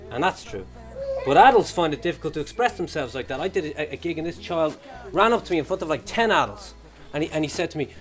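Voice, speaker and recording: High-voiced Irish comedian, animated storytelling. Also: male voice, fast, soft background music. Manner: animated, stammering restarts, bursts into shouted quotes. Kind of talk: stand-up storytelling.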